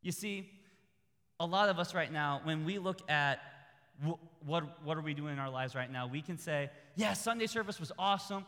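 A man preaching a sermon in a conversational, humorous way that builds to loud, high peaks. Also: steady tone, normal speed, big-room sound.

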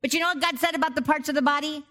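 A woman delivers a sermon in a slightly high voice. She is openly emotional. She swings between loud, stirring exhortation and soft, intimate passages. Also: steady tone, racing. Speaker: preacher.

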